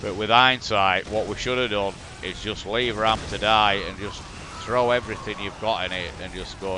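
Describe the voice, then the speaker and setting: A man's voice: lowish voice, fairly even intonation, moderate pace, noisy background. Sweary Yorkshire man commentating a game. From Yorkshire, England. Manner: blunt, sweary, exasperated banter. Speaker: gaming commentator. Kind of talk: casual game replay commentary.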